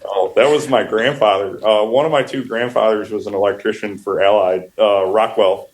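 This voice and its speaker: On poor audio, a man with a lowish voice, fairly even intonation, and normal speed guests on a podcast. He's a wood flooring contractor from upstate New York who rambles through casual work stories, laughing frequently and restarting phrases.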